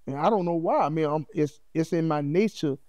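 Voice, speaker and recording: A middle-aged man appears as a podcast guest, his voice slightly high but warm and dark. He shares his story in an animated, heartfelt way at a slightly fast pace, often asking "you know what I mean." The recording is dry and lo-fi, with no room sound at all.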